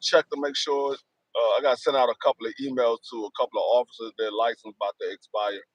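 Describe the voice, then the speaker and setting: A man co-hosting a podcast in casual morning chat, an animated storyteller who mocks and laughs. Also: mid-range voice, fast, no echo, muffled recording. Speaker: podcast co-host.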